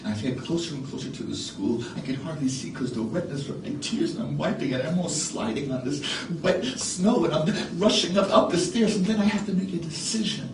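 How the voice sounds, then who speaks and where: A middle-aged man from New York City telling a story theatrically on a live stage, dropping to hushed tones and rising to loud ones. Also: on the high side, brisk, few pauses. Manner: dramatic, animated, shifts between hushed and loud. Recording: echoey stage from far off with noise.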